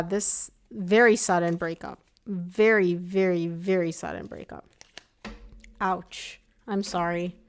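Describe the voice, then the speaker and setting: A young woman talks through a tarot spread in a relaxed, conversational way. She sounds sympathetic and chatty and drops in plenty of casual fillers as she thinks aloud. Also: medium pitch, smooth. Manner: chatty, empathetic, filler-heavy with frequent "like" and "um". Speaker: tarot reader. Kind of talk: casual live tarot reading.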